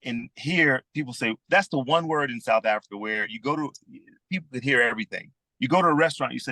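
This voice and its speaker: A man with a Southern US accent speaks as a podcast guest, swapping stories in an easygoing way. His voice is clear and bright, and the sound is dry and close with no room echo. He drops in a casual "man" now and then. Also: mid-range voice, expressive, fast, few pauses. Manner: easygoing storyteller, calls people "man". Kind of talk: casual conversation.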